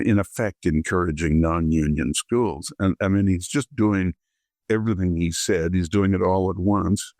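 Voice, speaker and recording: Man, very low voice, dry close sound, measured political commentary, halting restarts. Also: darkish tone, dry recording. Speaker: guest author.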